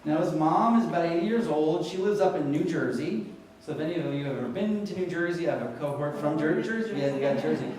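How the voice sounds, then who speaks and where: A man's voice: a little high, quick pace, darkish tone. A man from New York giving a conference talk, telling a story and asking the audience questions. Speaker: conference speaker. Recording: echoey hall, mic heard from a distance.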